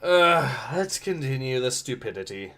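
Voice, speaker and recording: A man's voice: mid-range voice, very animated, normal speed, sharp tone. A man hosting a casual comic book reading livestream, blunt and sarcastic in his remarks. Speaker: livestream host.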